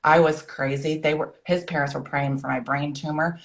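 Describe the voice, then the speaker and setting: A woman in her forties with a low voice tells her own story as a guest. She talks earnestly in short bursts of phrases, and she slips into the voices of people she remembers. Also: fairly even intonation, moderate pace, vocal fry. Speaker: guest author. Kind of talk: personal story in conversation.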